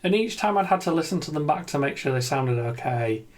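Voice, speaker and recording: Brisk and lively in intonation, this fairly high-voiced gaming video creator talks through an unscripted, reflective monologue. He's earnest and self-deprecating, hesitating often with ums and restarts.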